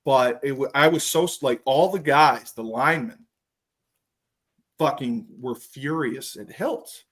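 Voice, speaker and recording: A man hosting a podcast, telling profane, animated stories and acting out what others said in casual chat. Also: medium pitch, measured pace. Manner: profane, animated storytelling with acted quotes. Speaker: podcast host.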